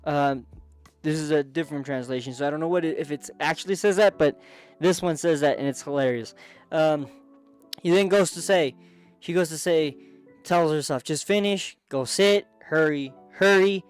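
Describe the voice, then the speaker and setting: Excitable man recapping a manga. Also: fairly high pitch, moderate pace, smooth, soft background music. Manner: excitable, chatty, many restarts and asides. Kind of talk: casual commentary.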